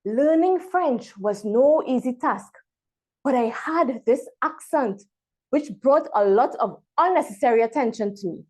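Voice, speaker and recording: Woman, prepared speech, slightly high voice, dramatic pauses. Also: animated, a little mellow. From Trinidad and Tobago. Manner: dramatic pauses, emphatic word-by-word delivery. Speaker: club member giving a speech.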